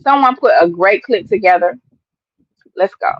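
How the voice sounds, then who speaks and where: A woman's voice: mid-range voice, animated, moderate pace, no room sound. An earnest woman holds back tears while she talks to her viewers, calling them y'all. Her voice sits in the middle range. It sounds dry and close, with a slightly dull, lo-fi tone. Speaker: vlogger reacting to a clip. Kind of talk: emotional commentary to viewers.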